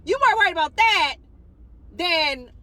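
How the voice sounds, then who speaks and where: A woman telling a personal story casually, in an expressive, slang-heavy way. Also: very high voice, unhurried, no room sound. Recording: noisy urban background with traffic.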